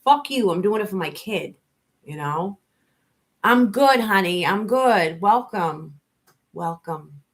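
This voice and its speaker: A woman's voice: medium pitch, expressive, takes it slowly, long pauses. A middle-aged woman with a Boston accent, hosting a casual livestream and talking bluntly and profanely in a rambling way. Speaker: livestream host.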